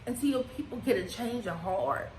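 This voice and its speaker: Impassioned high-voiced woman vlogger. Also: lively intonation, moderate pace, a little mellow, reverberant, a little hiss or hum. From United States. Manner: emotional, rising and falling with feeling, Southern-tinged casual speech. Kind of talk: impassioned personal vlog. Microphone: desk microphone.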